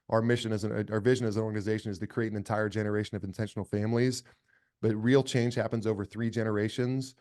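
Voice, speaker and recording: A man's voice: lowish voice, a little mellow. A middle-aged man speaking as a podcast guest, earnest and emphatic, often restarting his words. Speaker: podcast guest, company cofounder. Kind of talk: casual conversational interview.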